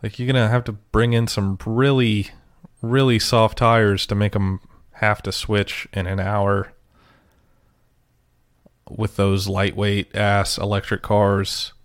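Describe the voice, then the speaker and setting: A man's voice: on the low side, level tone, slow pace, dry recording, clean studio sound. A man co-hosting a podcast in casual chat, loose and talkative, swearing freely. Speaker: podcast co-host.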